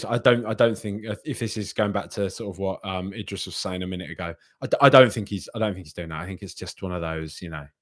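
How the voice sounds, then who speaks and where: A young man hosting a live football reaction stream and reading out viewer comments in a chatty, animated way, often repeating himself. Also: deep voice. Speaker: football podcast host.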